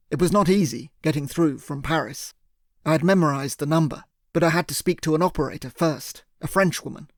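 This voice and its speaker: A man narrating a first-person thriller audiobook in a steady, earnest way. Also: on the high side, dry recording, clean studio sound.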